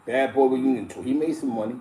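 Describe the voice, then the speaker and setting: A middle-aged man hosts a live stream, talking fast in a medium-pitched, dark voice. He tells stories in blunt, profane street slang and chuckles along the way, and the audio carries a roomy echo.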